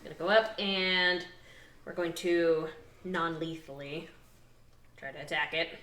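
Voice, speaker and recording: A woman playing a tabletop game, thinking her moves through aloud in an animated way. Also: on the low side, a little slow, reverberant, distant mic. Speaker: player. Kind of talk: casual tabletop game play.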